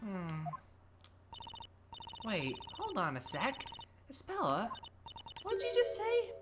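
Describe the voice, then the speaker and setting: A woman's voice: on the high side, huge pitch swings, slow, very noisy, full character voice. A woman doing a perky young sidekick.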